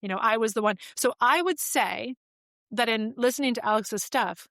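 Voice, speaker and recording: A woman's voice: a little high, moderate pace, a bit bright, dry recording, studio quality. A woman in her forties, a podcast guest telling personal stories in a candid, reflective, conversational way with frequent fillers.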